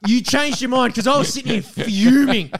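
Young Aussie guy, high voice, heated sweary rant on a podcast. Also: normal speed. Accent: Australian. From Australia. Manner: heated ranting, heavy swearing. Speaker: podcast co-host. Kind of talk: casual chat.

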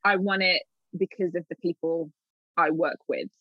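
Lively woman, candid interview guest. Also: on the low side, moderate pace. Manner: animated, acts out her own past remarks, laughs often. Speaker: literary agent, guest. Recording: dull, dry sound.

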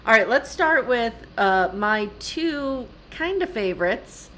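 A woman's voice: on the high side, lively intonation, takes it slowly, fairly bright tone, a little hiss or hum. A woman co-hosting a podcast, recapping a reality show in casual chat, blunt and swearing, laughing often. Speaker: podcast co-host.

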